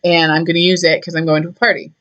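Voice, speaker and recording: A woman's voice: lowish voice, little pitch movement, fast, fairly bright tone, muffled recording, natural voice. Casting: vain, bossy goddess played by a woman, demanding and indignant.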